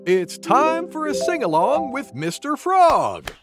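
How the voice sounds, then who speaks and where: A man reading a children's storybook aloud as a friendly male goose storyteller, in a slow, very lively sing-song way. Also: extremely high pitch, music in the background, full character voice. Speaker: storybook reader. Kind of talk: children's read-aloud narration.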